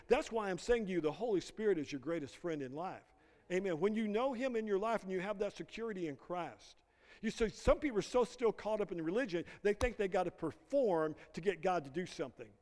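A middle-aged male pastor preaching a sermon, drawing call-and-response answers from the congregation. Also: high-pitched. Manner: call-and-response, prompting the congregation to finish lines. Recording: long reverb of a large hall.

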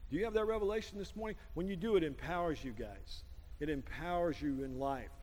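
A male pastor preaching a sermon, telling stories with a laugh and building to a loud prayer. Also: fairly high pitch, a little fast, long reverb tail. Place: church sanctuary.

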